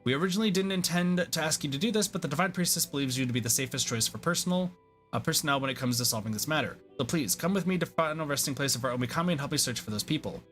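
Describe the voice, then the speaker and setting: A man's voice: fairly high pitch, very fast, a bit bright, faint music behind, natural voice. A man reading aloud the lines of an earnest young male resistance general in a game, with formal, courteous phrasing.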